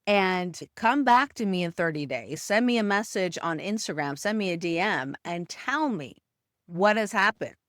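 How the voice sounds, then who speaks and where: A woman communication coach giving a motivational talk straight to the listener, with deliberate emphatic stresses. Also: on the low side, dry recording, studio quality.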